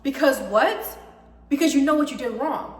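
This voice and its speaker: A woman's voice: high-pitched, normal speed. A young woman ranting heatedly about a breakup, emphatic and swearing freely. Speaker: vlogger. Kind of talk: personal storytime rant. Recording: echoey room with long reverb.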